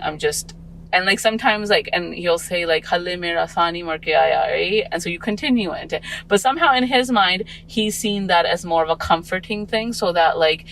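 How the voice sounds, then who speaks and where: A woman's voice: fairly low pitch, a bit bright, slight background noise, poor audio. A woman in her forties, a parent talking as a podcast guest, reflective and rambling with many fillers. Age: 40s. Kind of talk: casual podcast conversation.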